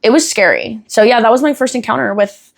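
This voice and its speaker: A young woman hosting a podcast, telling a story in a casual, animated way, swearing freely and laughing often. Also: on the high side, fast talker, vocal fry. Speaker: podcast host.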